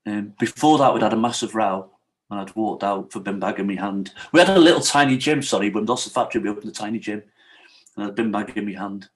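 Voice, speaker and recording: A man's voice: lowish voice, quick pace. Frank middle-aged man. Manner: frank and emotional, retells what others said to him; often asks "you know what I mean?". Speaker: podcast guest. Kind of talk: candid personal storytelling in an interview.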